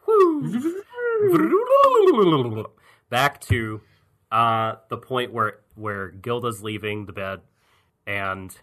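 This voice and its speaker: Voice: mid-range voice, steady tone, slow, sharp tone. A podcast host recapping an episode in casual chat, retelling scenes and voicing characters' lines.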